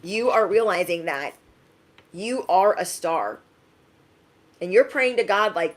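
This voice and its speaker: A woman's voice: mid-range voice, lively intonation, slow, pauses often. Chatty woman giving a live-stream reading. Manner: chatty, emphatic, laughs often. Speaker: tarot reader.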